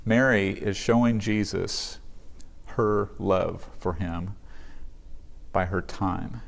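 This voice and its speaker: A man's voice: low-pitched, flat delivery, slow pace, creaky. A male pastor giving a sermon in an earnest, conversational way in a church sanctuary.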